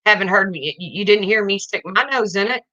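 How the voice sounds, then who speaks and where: Indignant woman with a bright, sharp voice. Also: medium pitch, brisk, dull audio. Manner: indignant, confrontational, addresses viewers directly. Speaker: livestreamer. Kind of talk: livestream rant to viewers.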